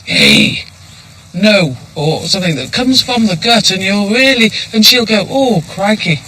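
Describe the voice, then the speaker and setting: A woman's voice: mid-range voice, animated, normal speed, a bit bright, rough recording. A woman sheepdog trainer giving instruction outdoors on a hillside, calling commands firmly.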